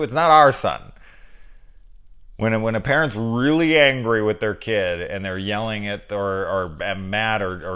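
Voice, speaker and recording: A middle-aged man giving a casual, profane film review, animated and acting out lines as he goes. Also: lowish voice, clean tone.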